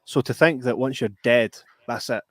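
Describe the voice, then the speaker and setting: A man's voice: mid-range voice, moderate pace, fairly bright tone, no echo, studio quality. A man co-hosting a podcast in casual chat, repeating himself for emphasis, heard over a video call. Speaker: podcast co-host.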